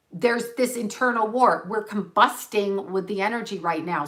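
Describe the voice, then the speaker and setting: A woman's voice: mid-range voice, pushed and bright. A woman, a psychic medium, talking on a livestream as she channels, rambling and correcting herself, repeating words for emphasis.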